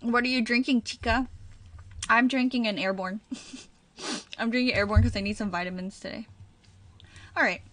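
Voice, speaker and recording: A young woman streaming a reaction video, chatting casually and gushing with excitement, with a giggly manner. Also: on the high side, normal speed, long pauses.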